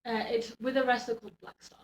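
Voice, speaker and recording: A woman, a professional wrestler, co-hosting a podcast in relaxed, playful casual chat with short replies. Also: on the high side, fast, poor audio.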